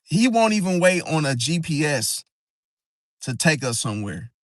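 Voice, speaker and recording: A man's voice: fairly high pitch, very animated, moderate pace, no room sound, clean studio sound. A man in a casual monologue on astrology who talks in slang, rambles, and acts out quoted friends. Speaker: zodiac vlogger.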